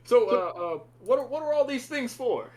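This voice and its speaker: A man playing a flirty, coaxing card sharp who teases and wheedles in a raised voice. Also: very high-pitched, sing-song, brisk, voice pushed up. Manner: coaxing, teasing, salesman-like.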